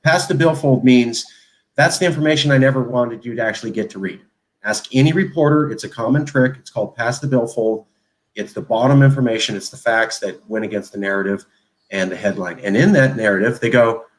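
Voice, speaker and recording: A male host speaks with passionate emphasis, circling back to the same words to drive each point home. His voice sits at an ordinary middle pitch, and the talk has the loose feel of an online panel. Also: a little fast.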